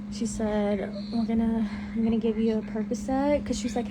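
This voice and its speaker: A young woman with a lilt tells her story to viewers in a loose, chatty way, with lots of "like" and restarts. Her voice sits a little high and sounds tired. Steady hiss runs under the recording. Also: brisk, few pauses. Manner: chatty and candid, many fillers and restarts. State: hospitalized, pregnant, tired. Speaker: streamer. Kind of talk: casual live-stream storytelling to viewers.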